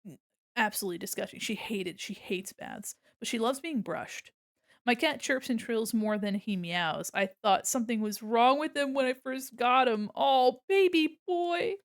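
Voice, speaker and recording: A woman's voice: on the high side, animated, moderate pace, dry recording, studio quality. A woman streamer chatting casually while she draws, giggly and gushing, breaking into laughter often. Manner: gushing and affectionate. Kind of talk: casual livestream chat while drawing.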